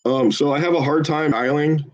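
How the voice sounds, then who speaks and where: A man volunteering as a phone banker, chatting casually and swearing between calls, then switching to an upbeat salesman's pitch on the phone. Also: moderate pace, muffled recording. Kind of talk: casual livestream chat with live phone calls.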